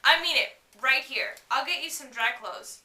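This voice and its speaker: A woman's voice: high voice, moderate pace, bright, forceful tone, a little hiss or hum. Woman reading as an urgent, worried teenage boy. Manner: urgent, pleading. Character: anxious protective teenage boy. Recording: echoey room from far off.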